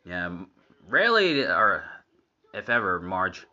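A man's voice: sits low, sing-song, sharp tone, dull audio. A man giving casual commentary while watching a cartoon episode. He laughs often and chats in an easy way. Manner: laughs often, unhurried and chatty.

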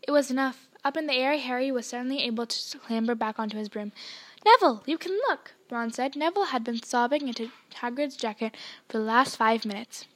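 High-voiced woman reading a storybook. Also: a bit bright. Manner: plain, slightly halting reading with slips. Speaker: audiobook reader, podcast host. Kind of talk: reading a novel aloud.

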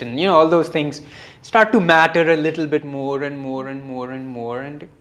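A man gives a reflective spiritual teaching on scripture, earnest and self-deprecating, often chuckling softly. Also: a little high, normal speed, a little hiss or hum. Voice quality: earnest and self-deprecating, with frequent soft laughs.

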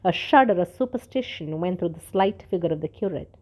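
Brief: female audiobook narrator, lower voice, measured storytelling. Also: expressive, dark tone.

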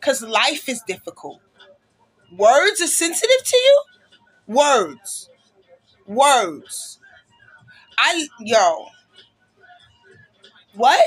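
A woman's voice: sits high, big pitch swings, very slow, long pauses, husky. A woman hosting a casual podcast, talking bluntly and passionately, with plenty of swearing. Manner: blunt, profane, passionate ranting. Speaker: podcast host.

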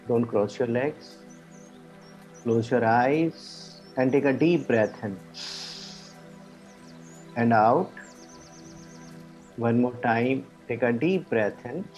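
A man coaching a group through a guided meditation, giving slow, soothing, repetitive relaxation cues over an online call. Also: medium pitch, a little mellow, poor audio. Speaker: life coach leading a guided relaxation session.

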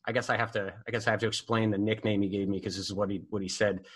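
A man telling stories in a casual, animated way, swearing freely and leaning on fillers. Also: on the low side, very fast, husky. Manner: animated, profane, full of fillers. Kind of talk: casual storytelling.

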